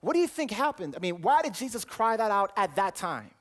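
A man's voice: sits high, sing-song, a little fast. A man preaching a sermon, reading scripture aloud in King James wording, stumbling over repeated words as he builds his points and putting questions to the listeners. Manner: asks the audience questions.

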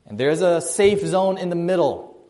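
A man delivers a sermon as if chatting with his listeners. His voice sits a little on the high side, and he tells stories, speeding up and slowing down and getting louder and softer to make his points. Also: animated. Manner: conversational, storytelling, varies loudness and pace for emphasis. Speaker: preacher. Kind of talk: sermon with a personal story.

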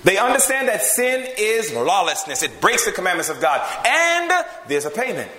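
Male preacher, emphatic, lively pitch swings, bright ringing tone, roomy sound. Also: normal speed. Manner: emphatic, swings from loud to hushed. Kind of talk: sermon.

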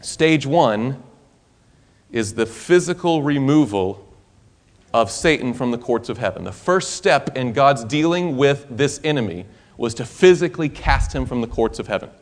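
A man preaching a sermon, telling a story in an animated, conversational way that is full of restarts. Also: medium pitch, measured pace.

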